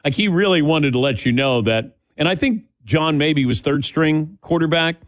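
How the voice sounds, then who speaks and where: A man's voice: fairly high pitch, normal speed, dry recording, studio quality. Rambling male sports talk host. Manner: rambling, self-correcting. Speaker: radio talk show host. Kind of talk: casual sports talk chat.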